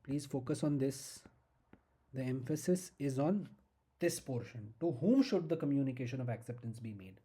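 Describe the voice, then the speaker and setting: A law lecturer with an Indian English accent giving a slow, emphatic exam-prep lesson, repeating key points and checking in with "okay?". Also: mid-range voice, animated, mellow, slightly rough.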